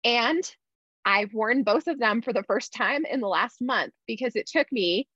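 A woman's voice: on the high side, expressive, measured pace, bright, forceful tone, husky, dry recording. A woman talking candidly in casual podcast chat, with lots of "like" fillers. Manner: candid, chatty, many "like" fillers. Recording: slightly dull dry sound.

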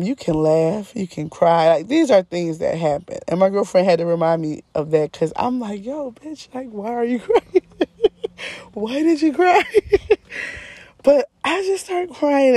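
A woman's voice: medium pitch, dark tone, dry recording. A woman hosting a podcast, telling a personal story in a frank, casual way, often laughing and swearing. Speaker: podcast host.

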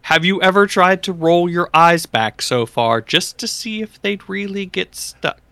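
A man's voice: high voice, measured pace, bright, forceful tone, clear, resonant tone, no echo. A man in a casual recorded chat, reading questions aloud and then talking them over. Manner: reads odd questions aloud, then chats about them.

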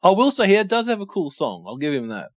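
A man's voice: high voice, sing-song, fairly quick, no room sound, lo-fi sound. A man co-hosting a wrestling podcast in casual chat, wry and questioning, laughing often. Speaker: podcast co-host.

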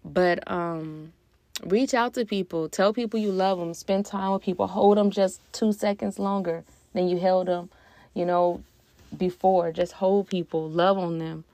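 A young woman talks through a reflective podcast episode with a low, gravelly voice. She speaks earnestly and from the heart, pausing on hesitant fillers. The sound is close and dry. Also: steady tone, warm tone, dry recording. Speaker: podcast host. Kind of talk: reflective personal podcast talk.

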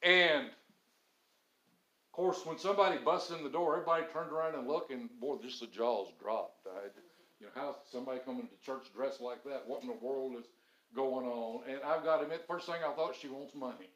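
A man's voice: mid-range voice, normal speed, a bit bright. A middle-aged man preaching a sermon, telling stories earnestly and landing points with emphasis. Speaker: pastor. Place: church sanctuary. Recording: roomy church echo.

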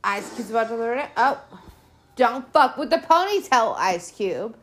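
A woman's voice: a little high, big pitch swings, a little slow, a bit bright, faint music behind. A woman podcast host giving casual movie commentary, swearing a lot and ranting in an exasperated, sarcastic way.

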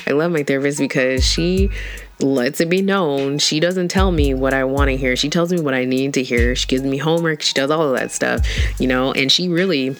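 A woman's voice: very deep voice, moderate pace. Woman, candid personal vlog, frank and casual with easy laughs and swearing; faint background music. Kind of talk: candid personal talk to camera.

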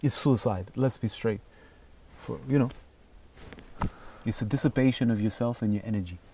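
A man speaking as an interview guest, telling stories in an animated, emphatic way and swearing freely. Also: medium pitch, moderate pace, recorded from a distance, a little hiss or hum. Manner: animated, profane, emphatic storyteller. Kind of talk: casual conversation.

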